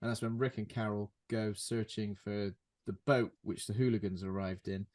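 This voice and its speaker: A man, co-hosting a podcast and recapping a horror film in a relaxed, hesitant way. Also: on the low side, normal speed. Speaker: podcast co-host. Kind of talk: casual film recap chat.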